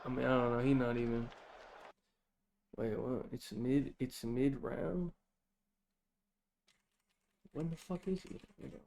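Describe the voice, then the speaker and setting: A man streaming live, reacting to a match in a casual, excitable, profane way and laughing often. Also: mid-range voice, takes it slowly, gravelly, long pauses, slight background noise.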